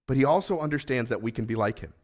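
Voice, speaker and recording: A man preaching a sermon, acting out the voices of Jesus and Peter and moving between loud, urgent lines and soft, hushed ones. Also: mid-range voice, expressive, quick pace. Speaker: pastor.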